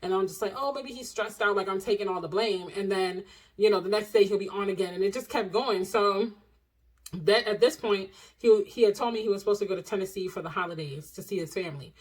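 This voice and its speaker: A young adult woman in a casual storytime chat to camera at home, chatty and animated, acting out quotes in different voices. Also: mid-range voice, brisk. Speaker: vlogger. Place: home, indoors.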